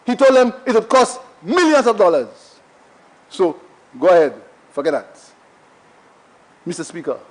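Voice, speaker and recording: A man's voice: fairly high pitch, low-quality recording. A Saint Lucian man, a member of parliament, giving an emphatic, repetitive debate speech in a parliament chamber while he keeps addressing the Speaker.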